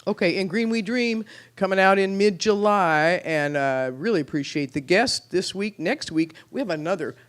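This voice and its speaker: Guy hosting a blues talk show, kinda high voice, chatty and upbeat. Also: moderate pace, hardly any pauses, fairly bright tone. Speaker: radio show host. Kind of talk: casual chat, show sign-off.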